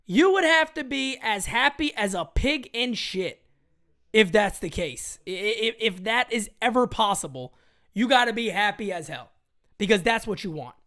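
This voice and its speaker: A woman hosting a live-stream sports chat show, talking in an animated, emphatic way and greeting her chatters. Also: mid-range voice, moderate pace. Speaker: sports talk show host.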